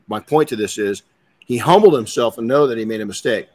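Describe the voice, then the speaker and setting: A man's voice: medium pitch, fast talker, a little mellow. Middle-aged male podcast host, blunt casual storyteller, mid-range voice. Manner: blunt, swears, many restarts. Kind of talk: casual motivational talk.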